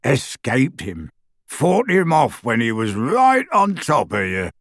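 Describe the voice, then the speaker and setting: Gruff giant of a man, read by a male narrator, slow and loud, lively swings in pitch, dry close sound. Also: dry recording, heavily acted. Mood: admiring. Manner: gruff, rough-edged.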